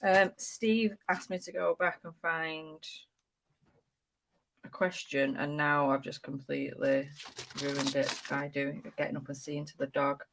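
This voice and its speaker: A woman's voice: sits low, fairly even intonation, a little slow, gravelly, a little hiss or hum. A woman co-hosting a casual live stream, reading out viewer comments and laughing often. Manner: giggly, reads out chat comments. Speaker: co-host.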